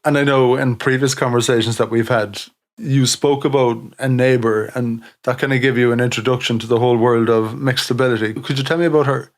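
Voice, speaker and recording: A man's voice: medium pitch, steady tone, a little fast. A man hosting a podcast, asking his guest conversational questions. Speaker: podcast host. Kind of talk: casual interview.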